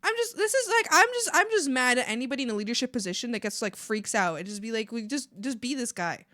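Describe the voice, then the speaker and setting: A woman streamer chatting casually to her viewers, excitable and rambling, laughing often. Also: fairly high pitch, fast talker. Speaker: art streamer. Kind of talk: casual live-stream chat.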